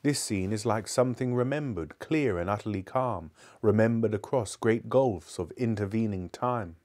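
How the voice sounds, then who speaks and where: A man's voice: lowish voice, moderate pace, a little mellow, natural voice. A man reading aloud and voicing a shy, fussy, wistful older Englishman who speaks hesitantly.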